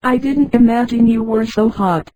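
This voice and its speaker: A synthetic woman's voice giving life to a leering giant of a crewman, brutish and hulking. The reading is flat and a little high, with a dark, mellow tone and a dry sound. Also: normal speed, no room sound, natural voice, rough recording.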